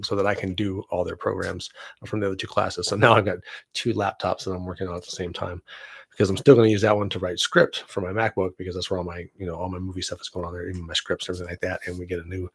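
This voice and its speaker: A man's voice: sits low, vocal fry, fairly bright tone, husky, no room sound. A middle-aged man chatting casually on a home live stream, rambling with many fillers and restarts. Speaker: vlogger and actor. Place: home room.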